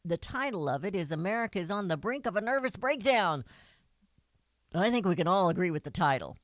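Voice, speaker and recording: A woman's voice: fairly low pitch, very animated, a little fast, no room sound. A woman hosting a talk radio show, speaking in an earnest, folksy manner into a studio microphone.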